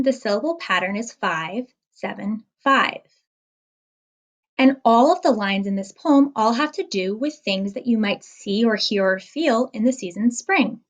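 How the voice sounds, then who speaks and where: A woman teacher talking children through a lesson, counting out syllables slowly and clearly. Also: mid-range voice, dull audio.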